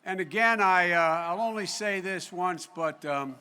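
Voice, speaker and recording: Older man, political speaker at a big hall, high voice, very bright, loud folksy delivery. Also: normal speed, smooth. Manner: loud, folksy, raises voice over applause. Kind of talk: convention speech. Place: large convention hall.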